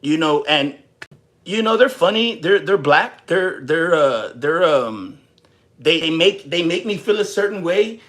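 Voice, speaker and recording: A man's voice: on the high side, measured pace. A young man from Texas ranting casually and profanely on his livestream, rambling and joking with viewers. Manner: rambling, profane, animated, jokes and chats with viewers. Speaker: livestream host.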